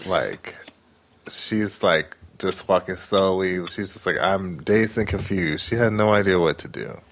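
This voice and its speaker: Low-voiced man recapping a show. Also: unhurried, gravelly. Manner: animated retelling with acted-out quotes. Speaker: podcast co-host. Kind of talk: casual chat recapping a show.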